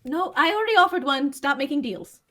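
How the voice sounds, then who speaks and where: A woman's voice: high-pitched, lively intonation, fairly quick, noisy background. A woman playing a tabletop game, joking and teasing the others. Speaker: player.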